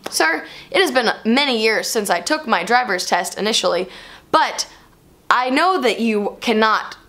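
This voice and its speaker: Lively, high-voiced woman telling a story. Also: a little slow. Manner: animated, expressive storytelling. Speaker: vlogger. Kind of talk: casual storytelling to camera.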